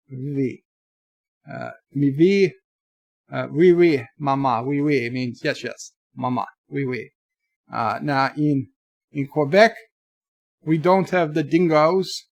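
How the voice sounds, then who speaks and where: A man's voice: on the high side, gravelly, dry recording, studio quality. A man putting on a bumbling guy. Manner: hesitant, groping for words, jokey. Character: bumbling stereotyped Quebec man, forgetful.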